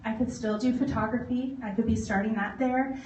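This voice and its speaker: A woman in her thirties giving a personal testimonial to an audience, animated, laughing often and acting out voices. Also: on the high side, a little fast, a little hiss or hum. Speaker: motivational speaker. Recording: echoey hall recorded from far off.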